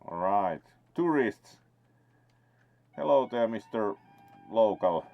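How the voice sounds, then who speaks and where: A man's voice: fairly low pitch, animated, unhurried. A man giving casual let's play commentary as he plays, in a wry, playful way. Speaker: gaming host. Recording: dull lo-fi sound. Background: faint game music.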